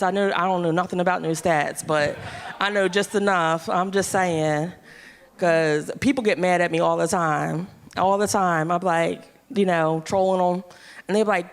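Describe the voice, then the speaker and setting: A woman's voice: fairly high pitch, a bit bright. A woman hosting a stand-up show, teasing the crowd on a handheld stage mic. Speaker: comedy show host. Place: comedy club stage. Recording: live club with long reverb.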